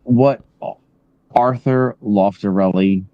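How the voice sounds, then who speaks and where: A man's voice: on the low side, slow, no room sound, highs cut off. A man chatting and joking on a live stream, often repeating himself. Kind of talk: casual live-stream chat.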